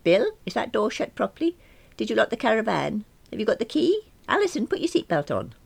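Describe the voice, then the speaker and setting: A woman doing a bossy, fussing older mum with a gravelly edge. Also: fairly high pitch, huge pitch swings, pitched above the performer's own voice, full character voice. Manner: nagging, brisk. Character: fussy bossy older mother on holiday.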